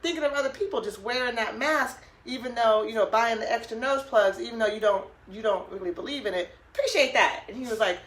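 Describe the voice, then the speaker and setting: A woman's voice: fairly high pitch, lively intonation, brisk, hardly any pauses, fairly bright tone, reverberant. A middle-aged woman from Oregon, co-hosting a podcast, tells a story casually and acts out both sides of the talk, laughing often. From Oregon, USA. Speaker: podcast co-host.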